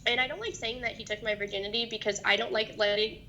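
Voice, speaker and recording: A woman in her twenties as an interview guest, telling a painful personal story in a halting, hesitant way full of restarts. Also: a little high, fairly even intonation, bright, forceful tone, slight background noise, rough recording. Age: 20s. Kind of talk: emotional personal testimony.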